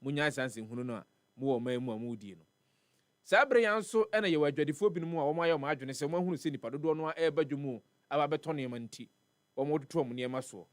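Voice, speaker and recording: This live morning radio host speaks with a Ghanaian accent, a fairly high pitch, lively intonation and a fast pace, with no room sound. Reading weather and traffic between chat, he repeats words for emphasis against a faint music bed.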